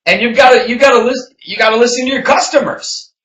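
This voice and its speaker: A man's voice: extremely high pitch, quick pace, a bit bright, echoey room, rough recording. A man co-hosting a business talk show, emphatic and preachy, repeating phrases for effect. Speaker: podcast co-host.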